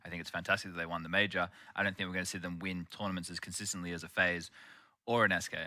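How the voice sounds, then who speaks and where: Rapid-fire male analyst, deep voice with a sharp bright edge. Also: little pitch movement, no room sound. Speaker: esports analyst. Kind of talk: studio analysis chat.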